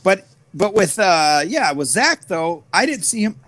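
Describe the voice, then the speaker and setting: A man in his forties from the US Midwest, a wrestler telling animated stories in an interview, full of fillers. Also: sits high, measured pace, no room sound. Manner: animated, full of fillers, acts out others' voices. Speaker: wrestler guest. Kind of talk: storytelling interview.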